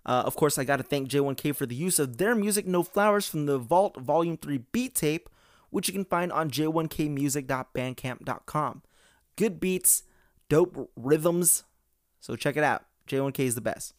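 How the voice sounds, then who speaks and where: Smooth-voiced man hosting a podcast. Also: on the high side, expressive, moderate pace, dry recording, studio quality. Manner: rambling, full of "uh" and restarts. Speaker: podcast host. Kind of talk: casual chat.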